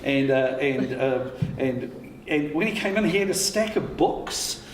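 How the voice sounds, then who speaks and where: A man in his fifties with a slightly high voice spins candid panel anecdotes, laughing, swearing and restarting often. His voice rings in an echoey hall over faint background noise. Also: lively intonation, a little slow. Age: 50s. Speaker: writer and co-creator on a panel.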